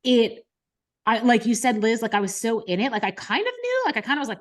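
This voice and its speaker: A woman's voice: a little high, animated, fairly quick. A woman in her thirties, a podcast host, frankly telling a personal story in casual conversation, with many fillers. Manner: frank, many likes and ums, emotional retelling.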